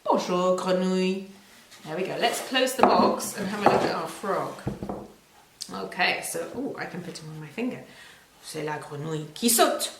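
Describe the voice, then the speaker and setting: A woman teaching a children's language lesson in a slow, clear and playful way, with repeated words and sound effects. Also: fairly low pitch, expressive, noisy background. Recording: roomy echo.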